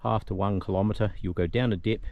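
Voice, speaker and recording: Filming on a handheld camera as he hikes, this vlogger talks briskly with a fairly low, fairly even voice and some vocal fry while giving directions. The audio is lo-fi with a bit of hiss or hum.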